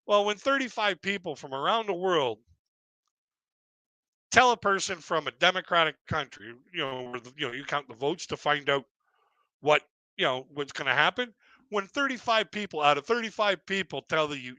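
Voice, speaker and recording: A man's voice: a little high, lively intonation, moderate pace, pushed and bright, no room sound, low-quality recording. A middle-aged man telling a stand-up story on a live stream, rambling and repeating himself, acting out other people in raised voices. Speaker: stand-up comedian.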